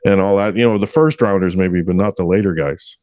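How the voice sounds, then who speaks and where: A man hosting a casual interview podcast, relaxed and self-deprecating, telling his own hockey anecdote. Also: low-pitched, a little fast, no echo. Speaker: podcast host. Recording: dry close sound.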